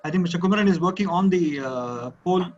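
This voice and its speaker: Male meeting lead, polite and formal, fairly high voice, dull lo-fi call audio. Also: expressive, fast talker, darkish tone. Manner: formal, polite, announcing the next speakers. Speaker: general evaluator. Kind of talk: running a club meeting.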